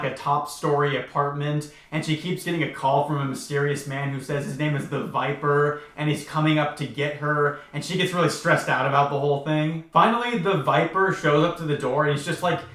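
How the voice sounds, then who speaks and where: A man's voice: on the high side, steady tone, a little fast, few pauses, fairly bright tone. A young man in his twenties giving casual, chatty book commentary, full of "like" and wry asides. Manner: chatty, heavy use of 'like', wry. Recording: echoey room.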